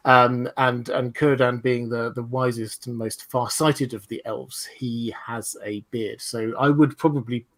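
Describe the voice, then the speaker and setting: A man's voice: mid-range voice, fairly even intonation, measured pace, hardly any pauses, fairly bright tone. A man hosting a casual livestream chat, thinking aloud as he goes. He rambles and digresses, often breaking off and starting his sentences again. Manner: rambling, digressive, many fillers and restarts. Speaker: host. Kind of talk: livestream discussion.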